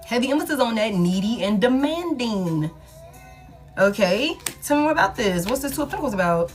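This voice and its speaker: A woman's voice: a little high, big pitch swings, fairly quick. Woman tarot reader, casual and slangy, emphatic, repeats herself, swears, faint music behind. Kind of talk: casual tarot reading to camera.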